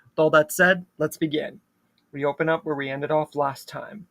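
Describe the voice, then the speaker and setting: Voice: medium pitch, steady tone, normal speed, a bit bright. A channel host casually retelling a fan-made horror story, with loose fillers between plot beats.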